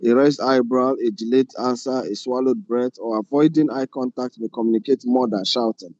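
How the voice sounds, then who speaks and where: A man's voice: mid-range voice, normal speed, darkish tone, no echo, dull audio. A man lecturing a film class on directing, often repeating phrases and asking rhetorical questions.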